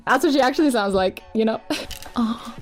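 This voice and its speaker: A young woman doing ASMR outtakes in whispered role-play, giggly and goofy, often breaking character. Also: fairly high pitch. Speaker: ASMR creator.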